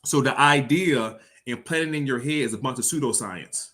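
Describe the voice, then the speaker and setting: A man's voice: medium pitch, normal speed. A man giving an informal, preachy lecture, talking over visuals and swearing freely. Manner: animated, profane, preachy.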